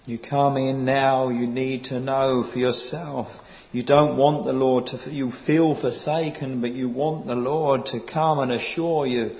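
A man preaching a sermon in a slow, earnest, pleading way, quoting old scripture. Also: mid-range voice, fairly even intonation, darkish tone, low-quality recording.

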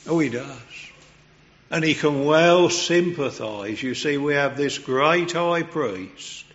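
Slow, reverent preacher man. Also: on the high side, animated, a bit bright, highs cut off. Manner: slow, reverent and earnest, rising in fervour. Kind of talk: sermon.

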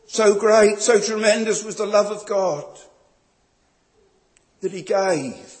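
A man's voice: sits high, steady tone, slow pace, long pauses, darkish tone. A man preaching a sermon in a solemn, emphatic way, building each point through repeated phrases. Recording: long reverb of a large hall.

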